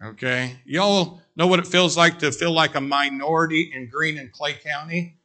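A man preaching a sermon, telling a story in an animated way and speaking straight to his congregation. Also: fairly high pitch, moderate pace. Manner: animated, addresses the congregation directly.

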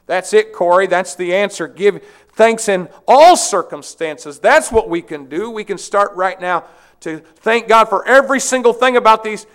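A man's voice: high-pitched, normal speed, a bit bright, voice pushed up. A man voicing a devout woman prisoner who talks eagerly and insistently. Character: earnest hopeful woman prisoner of faith.

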